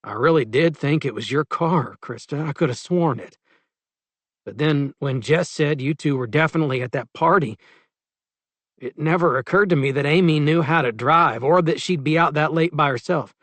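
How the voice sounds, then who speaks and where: A man reading an audiobook and voicing a young man who talks slowly and hesitantly. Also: fairly high pitch, fairly bright tone, no echo. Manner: slow, hesitant.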